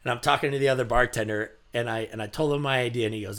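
A man with a bright, forward voice tells a story in relaxed podcast chat. He leans on fillers like "you know" and "like", and he breaks into laughter as he builds to the punchline. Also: mid-range voice, racing.

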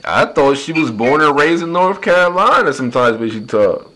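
A man's voice: a little high, animated, moderate pace, bright, forceful tone. A man from South Jersey hosting a casual podcast chat, joking and laughing often. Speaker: podcast host.

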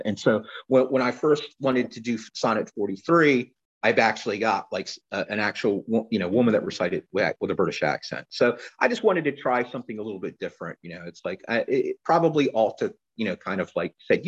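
Man, rambling, halting, low voice, muffled audio. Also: slightly rough. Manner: rambling, halting, many fillers and restarts. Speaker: guest poet. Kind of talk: casual interview chat.

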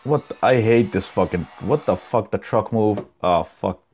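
A man's voice: lowish voice, moderate pace, a little mellow, slightly rough, some chatter behind. A young man hosting his own podcast, chatting loosely and swearing a lot as he rambles and reacts to clips. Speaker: podcast host. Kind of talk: casual solo podcast chat.

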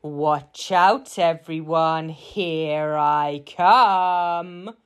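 A woman doing a slow, roaring storybook giant. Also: sits low, clear, resonant tone, voice pushed down. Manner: slow drawn-out roaring chant. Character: huge hungry male giant, booming.

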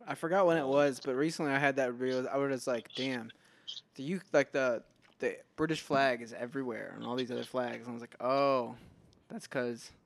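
A man's voice: mid-range voice, steady tone, brisk, gravelly. A young man co-hosting a podcast in casual chat, telling stories in a laid-back way and laughing often. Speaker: podcast co-host.

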